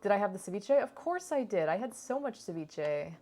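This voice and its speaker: A woman's voice: medium pitch, very animated, brisk, warm tone. A woman talking over her travel footage in a casual, rambling way, laughing often and swearing now and then. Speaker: cooking channel vlogger.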